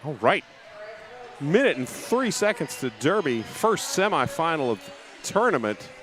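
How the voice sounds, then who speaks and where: A man's voice: fairly high pitch, big pitch swings, fairly bright tone, soft background music. A man doing live play-by-play commentary, chatty and joking between calls. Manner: joking, conversational, quick asides.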